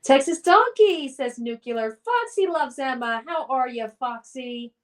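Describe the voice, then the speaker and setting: A young woman runs a trivia quiz on a live stream, talking slowly and unhurriedly. Her voice sits fairly high. She reads out viewers' names and answers in a chatty, playful, sometimes sing-song way. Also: animated. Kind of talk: casual live-stream chat reading questions.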